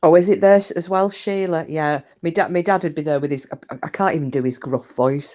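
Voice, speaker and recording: Woman host, lower voice, chatty, laughing, salty-tongued. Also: brisk, hardly any pauses, darkish tone. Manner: chatty, laughs often, swears casually. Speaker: live stream host. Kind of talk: casual chat reading viewer comments. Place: home, windy day.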